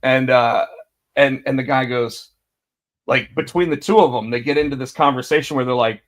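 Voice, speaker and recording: This podcast co-host is a man with a medium-pitched, steady voice who talks at a moderate pace. In a casual chat, he rambles through stories and acts out the quotes.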